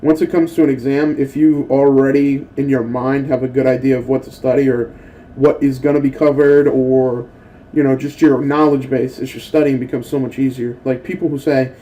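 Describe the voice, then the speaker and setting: A young man hosts a gaming channel, rambling through casual gameplay commentary and swearing as he spins stories between moves, acting out quotes with excitement. His voice sits in the mid range at a normal speed, and the recording is rough.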